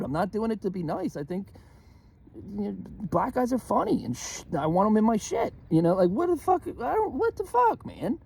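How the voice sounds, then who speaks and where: A young man from Philadelphia ranting casually, profane and animated, with lots of fillers and restarts. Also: high voice, normal speed, gravelly, breathy edge. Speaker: vlogger. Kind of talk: casual rant to camera.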